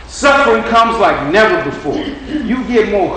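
A man preaching a sermon in a high voice, talking to the congregation and repeating phrases as he builds up and then drops low. He is picked up from a distant mic in a very echoey hall, with faint noise underneath. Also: sing-song, unhurried. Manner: conversational preaching, repeats phrases, rises and quiets.

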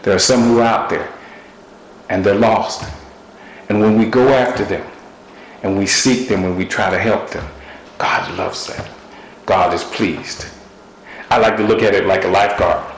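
A man preaching a sermon, telling stories with animated delivery. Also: normal speed, pauses often, echoey room, slight background noise, poor audio. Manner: storytelling, animated with sudden high shouts.

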